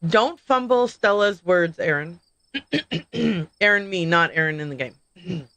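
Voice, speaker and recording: A woman's voice: on the low side, measured pace, a bit bright, dry recording. A woman streamer reading a narrative game aloud, making joking asides and correcting her own slips. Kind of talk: game livestream commentary.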